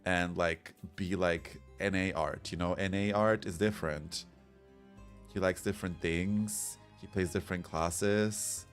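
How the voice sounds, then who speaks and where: A man's voice: low-pitched, fairly even intonation, a little slow. A man streaming a game, chatting casually and rambling as he reads chat comments aloud. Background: soft background music.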